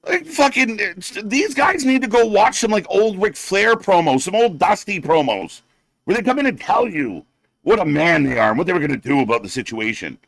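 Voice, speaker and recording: Male stream host, fairly high and very animated, sarcastic and profane, close and dry. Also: moderate pace, creaky, no echo. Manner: sarcastic, mocking, heavily profane. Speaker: watch-party livestream host. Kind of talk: profane live commentary rant.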